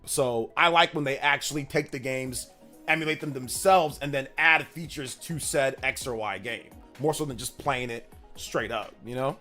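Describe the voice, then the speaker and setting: A man's voice: mid-range voice, moderate pace, pushed and bright, soft background music. A man in his thirties chatting casually with his live-stream audience, rambling and slangy, repeating himself. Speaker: streamer reading chat.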